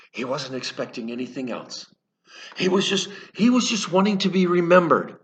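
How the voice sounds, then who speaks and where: A man preaching in a church, telling a story earnestly and haltingly, often restarting his sentences. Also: on the high side, very animated. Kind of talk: sermon storytelling.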